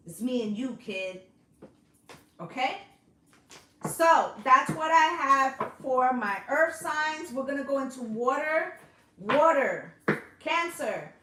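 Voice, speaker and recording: A woman's voice: high voice, expressive, takes it slowly, pauses often, sharp tone, a little hiss or hum. A woman giving a casual tarot reading, chatty and coaxing, swearing freely and checking in with her listeners as she goes. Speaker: intuitive tarot reader. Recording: roomy echo.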